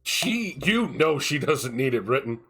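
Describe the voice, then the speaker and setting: A man's voice: mid-range voice, breathy edge. A man narrating a tabletop game as game master, often laughing. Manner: laughs often, slow and lively.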